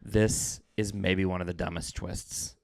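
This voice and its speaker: A man's voice: low-pitched, measured pace. Casual male podcaster ranting about a movie. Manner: animated, exasperated ranting. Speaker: podcast co-host. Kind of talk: casual movie review chat.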